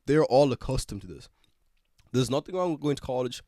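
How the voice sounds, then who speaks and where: A man's voice: medium pitch, lively intonation, brisk, dark tone, no echo. Slangy young Irish man, dry sound. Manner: rambling, slangy, with restarts. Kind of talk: casual chat.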